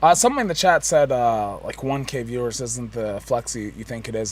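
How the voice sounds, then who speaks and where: A drunk man co-hosting a livestream, ranting loudly and swearing. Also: mid-range voice, expressive, moderate pace. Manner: loud, profane ranting. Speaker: co-host of a livestream show. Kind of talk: casual livestream chat.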